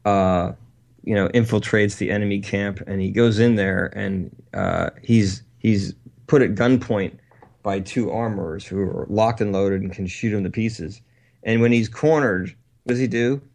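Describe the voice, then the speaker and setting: A man co-hosting a talk radio show, chatting casually in a rambling, animated way and laughing between points. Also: fairly low pitch, measured pace, gravelly. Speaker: co-host.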